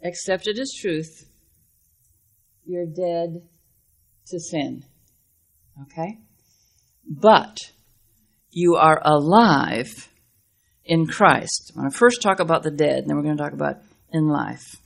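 An older woman preaching a sermon in an earnest, emphatic way, slowing down to stress key words and telling folksy stories with acted-out dialogue. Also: sits low, vocal fry. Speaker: speaker at a women's Bible teaching.

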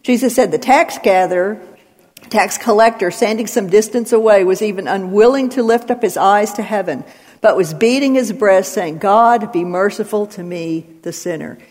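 A woman's voice: medium pitch, moderate pace, a little mellow. Woman teaching scripture in an echoing hall. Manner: emphatic, numbered points with scripture references. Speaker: Bible teacher. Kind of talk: expository Bible teaching. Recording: long hall reverb.

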